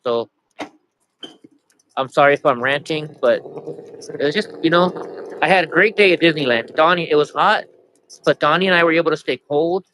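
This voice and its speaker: A man's voice: fairly high pitch, moderate pace, long pauses, sharp tone, a little hiss or hum, low-quality recording. A man telling a story in a casual vlog, exasperated, repeating himself as he complains. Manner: exasperated, repeats himself, quotes others in his own voice. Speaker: vlogger.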